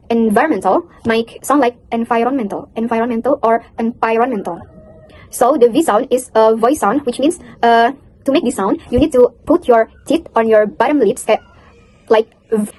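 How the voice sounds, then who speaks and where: A young Indonesian woman with an Indonesian accent, a student presenting a pronunciation lesson, slowly repeating each word for practice. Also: a little high, darkish tone, no room sound, rough recording. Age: young adult. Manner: slow, repeats words for drill.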